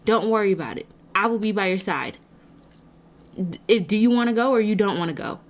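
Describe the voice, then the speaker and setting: A woman voicing a calm, reassuring male God who speaks gently to a soul during her motivational talk. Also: mid-range voice, a little fast, natural voice.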